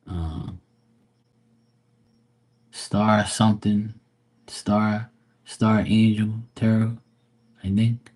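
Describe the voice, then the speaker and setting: A man's voice: lowish voice, a little mellow. A man, chatting casually on a live stream, profane and mocking, drawling as he quotes people in exasperated put-on voices. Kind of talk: casual ranting chat.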